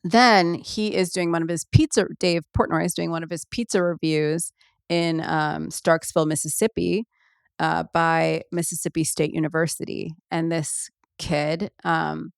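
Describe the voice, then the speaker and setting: Low, gravelly-voiced woman podcaster. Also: fairly even intonation, measured pace, dry recording, clean studio sound. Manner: rambling, full of ums and asides. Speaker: podcast host. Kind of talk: casual solo podcast chat.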